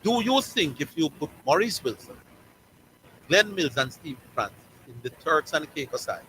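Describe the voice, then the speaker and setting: A man's voice: fairly high pitch, very animated, moderate pace, sharp tone, a little hiss or hum, rough recording. A man with a Jamaican accent hosting a sports talk show, giving emphatic opinions and repeating key words for stress.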